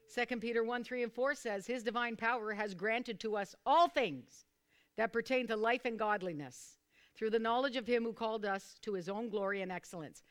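A woman preacher with a bright, sharp voice that rings out clearly. She keeps repeating her key phrases and pushes a small group to answer her. At times she breaks into loud, fervent exclamations. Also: a little high. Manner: repetitive, calls for responses from listeners. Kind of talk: sermon to a small responsive group.

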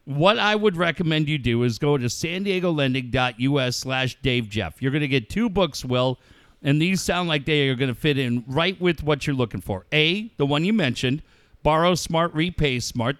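A man's voice: a little high, lively intonation, normal speed, a bit bright, dry recording. A man co-hosting a talk show, casually joking and reading mock fan letters for sponsors. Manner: jokey, reads mock fan letters aloud. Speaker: radio show co-host.

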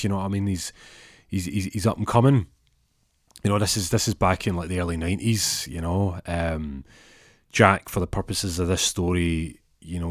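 Rambling low-voiced man. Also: no room sound, clean studio sound. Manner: rambling, stumbling restarts. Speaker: storyteller. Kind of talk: casual comic storytelling.

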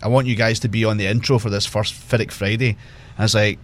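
A man's voice: lowish voice, steady tone, quick pace. A man telling casual stories as a guest on a podcast, often laughing as he talks. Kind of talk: casual storytelling.

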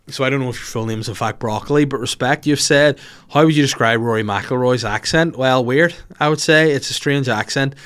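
A man's voice: mid-range voice, moderate pace, a bit bright, clear, resonant tone. A man hosting a casual podcast, answering listener questions in a blunt, jokey, profane way. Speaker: podcast host.

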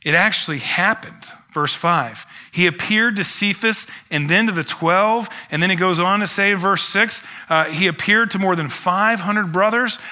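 Male pastor, sermon delivery, somewhat high and bright-toned, emphatic with casual asides. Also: moderate pace, hardly any pauses. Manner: conversational preaching with rhetorical asides; emphatic, builds in intensity.

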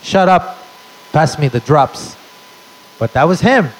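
A man performs stand-up on a live stage with a brash, punchy delivery and sudden crowd call-outs. His voice sits a bit high for a man. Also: expressive, takes it slowly, a little hiss or hum, rough recording. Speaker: stand-up comedian. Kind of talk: stand-up comedy set.

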